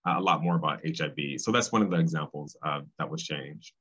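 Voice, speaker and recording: A man, speaking as a guest in an interview, thoughtful and pausing often with ums. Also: rumbling low, fairly bright tone, breathy edge. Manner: thoughtful, with frequent ums and restarts. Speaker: guest, civil rights state director. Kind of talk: casual interview conversation. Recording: slightly dull, lo-fi sound.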